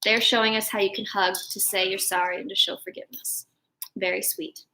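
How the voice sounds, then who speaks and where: A woman's voice: mid-range voice, fairly even intonation, brisk, pushed and bright, low-quality recording. A woman hosting a family show for children, cheerful and chatty as she shows their drawings. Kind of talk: presenting a kids' show.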